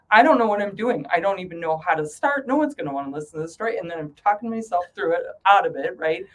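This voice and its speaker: A middle-aged woman, a guest in an interview, telling her story with animated voices for her own past thoughts. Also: lowish voice, fast talker, few pauses, rough recording.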